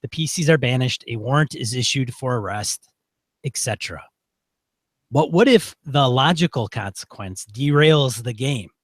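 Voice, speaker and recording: A man's voice: medium pitch, no echo. A man co-hosting a gaming podcast, chatting casually and reading listener emails aloud. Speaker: podcast co-host. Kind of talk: casual chat.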